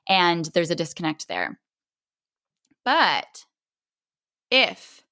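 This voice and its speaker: A woman in her thirties hosts a parenting podcast, talking through an example in a steady explanatory way. Her voice is smooth and clear, pitched a little low, and she slips into brighter, livelier tones when she acts out the quoted lines. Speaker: podcast host. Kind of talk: parenting advice monologue.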